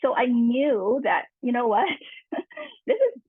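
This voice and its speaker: A woman speaking on a panel, talking haltingly with many restarts. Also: on the high side, huge pitch swings, husky, no echo. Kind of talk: panel discussion. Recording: dry, tinny phone-like line.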